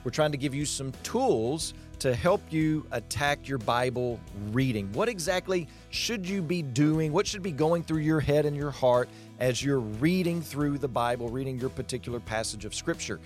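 A man hosting a casual chat, upbeat and quick to affirm his guest. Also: medium pitch. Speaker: host.

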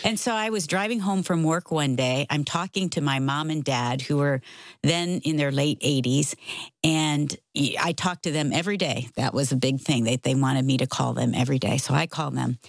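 Middle-aged woman guest, low gravelly storyteller, dry close sound. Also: normal speed, dry recording. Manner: animated, acts out quoted voices. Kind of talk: casual storytelling.

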